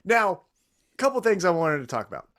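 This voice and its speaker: A man's voice: a little high, huge pitch swings, very fast. Enthusiastic man co-host. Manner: enthusiastic, swears, frequent "right?" checks. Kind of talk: casual podcast chat.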